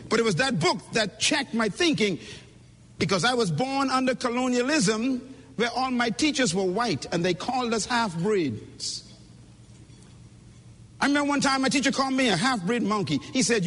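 A man's voice: sits high, expressive, moderate pace, a bit bright, slightly rough. A man giving an emphatic, preacher-like motivational speech at a conference, speaking directly to the audience, recorded in a reverberant hall.

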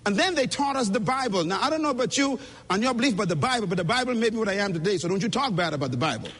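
A man's voice: sits high, animated, racing, fairly bright tone, husky. A man giving an emphatic, preacher-like motivational speech at a conference, speaking directly to the audience, recorded in a reverberant hall.

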